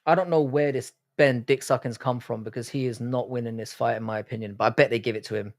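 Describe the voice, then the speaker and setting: A man's voice: medium pitch, fairly even intonation, fast talker. An Irish man hosting a live fight watch-along stream, reacting casually and profanely and reading out chat messages. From Ireland. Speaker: livestream host.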